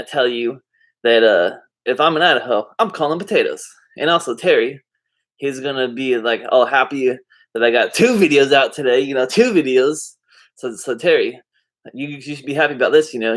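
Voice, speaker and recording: A man talking casually to the camera in a vlog, rambling and drifting off topic, with many fillers and easygoing slang. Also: medium pitch. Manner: laid-back slangy talk. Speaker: vlogger.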